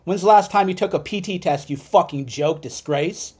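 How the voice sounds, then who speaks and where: A man's voice: normal speed, a little mellow, breathy edge. Angry, profane male commentator. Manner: profane and heated, swings between raised outbursts and low muttered asides. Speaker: political commentator. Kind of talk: angry livestream rant.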